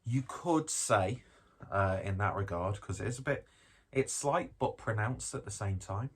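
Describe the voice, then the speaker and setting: Low husky man chatting. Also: expressive, unhurried. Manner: rambling, jokey, self-deprecating, swears casually. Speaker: beer reviewer. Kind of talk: casual tasting chat.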